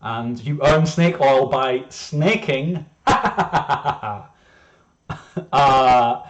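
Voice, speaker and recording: A man talks through his project in a loose, chatty way at an ordinary middle pitch. He trips over his own sentences and restarts them, cracks jokes at himself, and gets excited as he goes. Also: slow pace. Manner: rambling, self-interrupting, excitable, jokey. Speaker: game developer presenting his project. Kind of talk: casual screen-share presentation.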